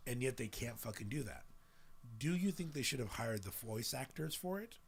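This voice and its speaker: A man's voice: medium pitch, expressive, normal speed, gravelly, breathy edge. A man in his thirties hosting a podcast, chatting casually and animatedly, swearing freely and acting out voices as he retells scenes. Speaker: podcast host. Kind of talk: casual chat.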